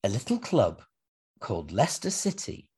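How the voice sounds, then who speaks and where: A man's voice: on the low side, wildly swooping pitch, normal speed, a little mellow, breathy edge. A man co-hosting a football podcast, chatting casually with teasing banter and the odd swear word. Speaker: football podcast co-host, Leeds fan. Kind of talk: casual chat.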